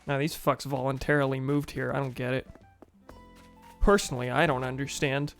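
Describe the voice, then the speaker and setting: A man's voice: mid-range voice, level tone, normal speed, fairly bright tone, soft background music. A young man with a sore throat, casually joking and swearing while streaming a game. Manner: joking, swears, reads game dialogue aloud. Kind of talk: casual gaming commentary.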